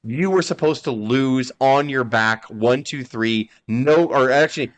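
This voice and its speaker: A man's voice: medium pitch, a little slow. A man hosting a wrestling podcast, recounting events in a heated, profane way. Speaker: podcast host. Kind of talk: casual chat.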